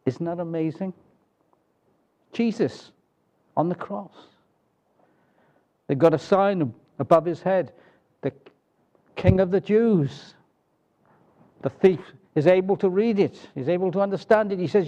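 A man preaching a sermon, unhurried and emphatic, closing his points with rhetorical tag questions. His voice sits a little high yet sounds mellow and dark. The recording is dull and lo-fi.

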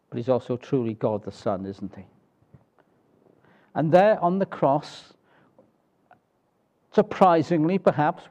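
Slow, deliberate preacher man, muffled sound. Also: mid-range voice, dark tone. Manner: deliberate, emphatic, with rhetorical tag questions. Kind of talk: sermon.

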